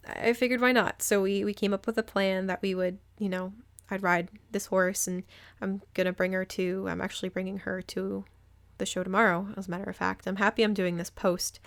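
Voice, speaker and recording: A woman's voice: medium pitch, steady tone, a little fast, a bit bright. A young adult woman hosting a podcast, telling a personal story in a chatty, candid way, acting out what people said. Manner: chatty, candid, frequent fillers and quoted dialogue. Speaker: podcast host.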